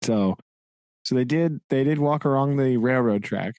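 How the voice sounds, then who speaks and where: A man's voice: medium pitch, normal speed, darkish tone, dry recording. A man co-hosting a podcast, retelling a book's plot in loose, rambling chat. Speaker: podcast co-host. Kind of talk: casual book-club chat.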